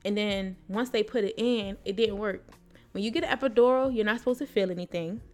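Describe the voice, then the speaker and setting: A woman's voice: mid-range voice, fairly quick. Blunt young woman telling a raw story. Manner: blunt, swears freely, acts out quotes of nurses and herself. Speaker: podcast co-host. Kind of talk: candid personal storytelling.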